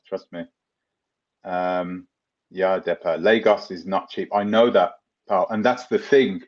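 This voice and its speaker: A man's voice: sits low, fairly even intonation, measured pace, highs cut off. A man with a London accent hosts a live Q&A stream, rambling casually, laughing and answering viewers by name. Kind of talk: live Q&A reading viewer comments.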